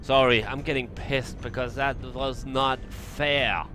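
A man's voice: medium pitch, fairly even intonation, slow pace, bright, forceful tone. A young man commentating his own gameplay, getting frustrated and exasperated, with some swearing. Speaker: let's play gamer. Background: game music.

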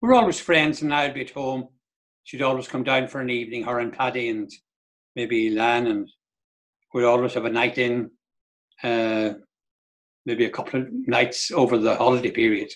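A man's voice: medium pitch, fairly even intonation, moderate pace, pauses often. Older man telling long stories. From Donegal, Ireland. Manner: rambling storyteller who acts out others' lines. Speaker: guest, Irish dance teacher. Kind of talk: casual interview chat.

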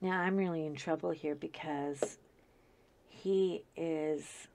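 A woman's voice: low voice, steady tone, slow pace, gravelly, a little mellow, a little hiss or hum. A woman host telling a story in a casual chat, chatty and often laughing.

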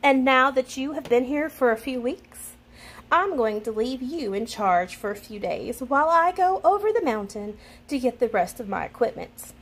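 A proud, businesslike modern witch in a storybook, as a woman reads her, giving brisk orders. The voice is high with lively movement. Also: breathy edge. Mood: bossy. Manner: brisk, instructing.

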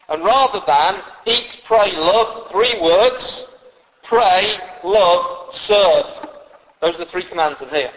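A man from Britain preaching a sermon, animated and joking with his congregation. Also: high-pitched, measured pace. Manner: lively preaching with humorous asides to the congregation. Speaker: pastor. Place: church hall with long reverb. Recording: dull church recording with reverb.

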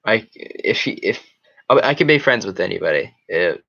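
A man's voice: lowish voice, lively intonation, moderate pace, vocal fry, sharp tone, muffled recording. A young man hosting a casual live chat with viewers, rambling with many fillers and restarts. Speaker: show host.

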